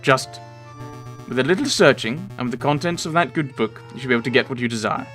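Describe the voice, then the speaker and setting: A man voicing a secretive male gun dealer with a put-on accent that keeps slipping, hushed and pushy. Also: medium pitch, animated, fast, soft background music, lightly acted. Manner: hushed and conspiratorial, snapping when impatient. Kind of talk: voicing game characters in a let's play.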